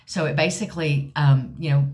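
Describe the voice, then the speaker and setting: Woman, middle-aged, low-pitched, casual rambling vlog chat to viewers. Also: fairly even intonation, moderate pace, darkish tone. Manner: chatty and rambling, addresses viewers as y'all. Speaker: vlogger sharing a health update.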